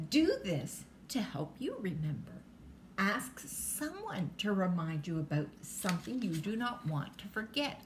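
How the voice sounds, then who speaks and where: An older woman reads a children's bedtime story slowly, and her voice rises and falls in lively waves. She keeps stopping to ask the child questions, with a faint hum of the room behind. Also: medium pitch. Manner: chatty asides to the child listening. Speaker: grandmother reading aloud.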